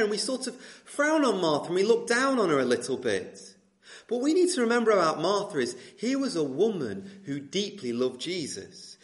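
A man in his twenties preaching a sermon to a congregation, asking rhetorical questions and repeating phrases for emphasis. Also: high-pitched. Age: 20s. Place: church hall with congregation.

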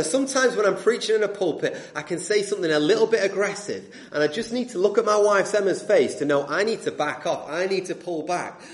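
Impassioned preacher man in an echoey church. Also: high-pitched. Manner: swings between loud emphatic preaching and hushed intensity. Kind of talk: sermon.

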